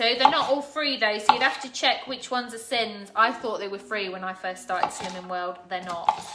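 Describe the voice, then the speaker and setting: A woman's voice: mid-range voice, heavy background noise. A woman chatting casually to live viewers while cooking in her home kitchen, laughing often. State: teary from chopping onions. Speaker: cooking vlogger.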